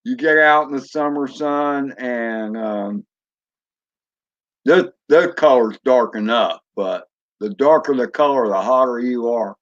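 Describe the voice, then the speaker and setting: A man's voice: mid-range voice, takes it slowly, muffled recording. A man chatting casually on a drone hobby live stream, rambling and answering viewers as he goes. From Florida. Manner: rambling, chatty, reads chat aloud.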